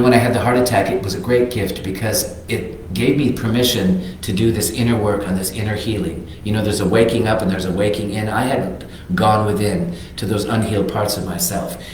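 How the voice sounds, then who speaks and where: A man's voice: fairly low pitch, darkish tone, slight background noise. Older guy preaching, earnest and reflective, big echo all around. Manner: reflective, earnest, reads quotes aloud. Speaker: minister. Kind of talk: sermon. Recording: very echoey sanctuary.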